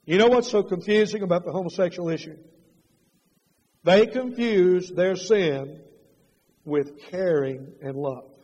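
A high-pitched middle-aged man delivers an emphatic sermon, firing rhetorical questions at his congregation. His voice climbs when he presses a point. Long reverb from a big church hall trails every phrase. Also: measured pace, pauses often, darkish tone, breathy edge, lo-fi sound. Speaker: preacher.

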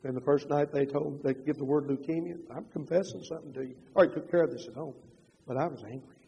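An older man preaching a sermon, moving from loud emphatic passages to quiet confessional storytelling. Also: a little high, fairly even intonation, fast, vocal fry, husky. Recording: dull reverberant hall.

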